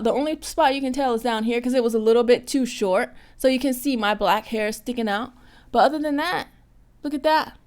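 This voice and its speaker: An American woman hosting a casual live-stream Q&A, chatty and animated, jumping from loud exclamations to whispered asides. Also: a little high, fairly quick. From United States.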